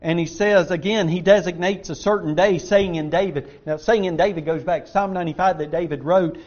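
A man preaching a sermon, stressing key words loudly and dropping to quiet asides. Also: sits high, a little fast, dull audio. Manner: emphatic, swings between loud stress and quiet asides.

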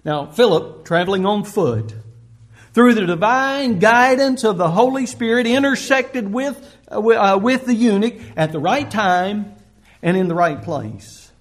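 A man with a high, light voice preaches a sermon. He is earnest and emphatic, rising sharply on questions and slowing down to lean on key phrases. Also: lively intonation.

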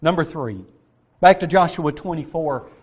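High-voiced man preaching, dull lo-fi sound. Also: animated, moderate pace, breathy edge. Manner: emphatic, swings between loud stress and quiet asides. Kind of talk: sermon.

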